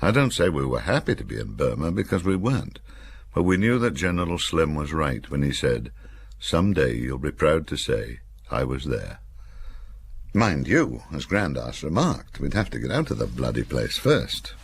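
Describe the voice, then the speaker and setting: Older man, very deep gravelly narration. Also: very animated, normal speed. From Cumbria. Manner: wry, dry-humoured storytelling. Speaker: author reading his memoir. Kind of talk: audiobook memoir narration.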